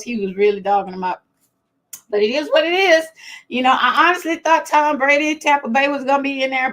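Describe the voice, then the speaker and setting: Hosting a live chat show, a woman streams casually from her home in a fairly high voice. She's talkative and easily excited, laughing often as she addresses the people watching.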